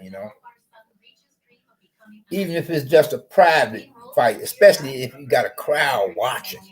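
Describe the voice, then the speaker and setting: A man's voice: mid-range voice, very animated, measured pace, long pauses, poor audio. A man rambling through a solo social media broadcast, often repeating himself and restarting his sentences.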